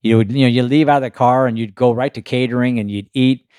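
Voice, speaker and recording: A man who drives race cars, casually telling a lively story in his own voice and filling it with "you know" and "uh". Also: mid-range voice, fast, clear, resonant tone, dry recording, studio quality. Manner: animated anecdote-telling with frequent fillers. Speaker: race car driver guest.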